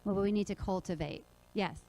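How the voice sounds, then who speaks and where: A woman presenting a kids yoga workshop at a conference, lively and putting questions to the audience. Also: medium pitch, fairly quick, vocal fry, poor audio.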